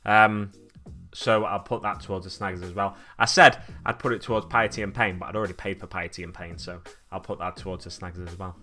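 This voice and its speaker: A lowish male voice with a Stockport accent from the Manchester area, bright and forceful in tone, chatting easily on a painting stream. He reads viewer messages aloud and answers them. Faint music sits underneath. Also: steady tone, brisk. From Manchester area, England. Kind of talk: casual live-stream chat while painting. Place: home painting setup.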